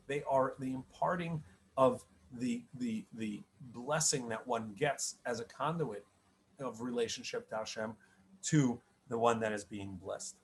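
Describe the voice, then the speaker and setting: A man's voice: mid-range voice, a little hiss or hum. A middle-aged man, a rabbi, giving a conversational spoken Torah lesson, often restarting his sentences and checking in with "right?". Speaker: rabbi teaching the weekly Torah portion.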